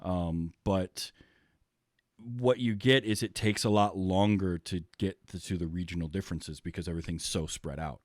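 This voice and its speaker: Low-voiced American podcast host. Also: male voice, normal speed, no echo, clean studio sound. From United States. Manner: rambling, many ums, laughs easily. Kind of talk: casual chat.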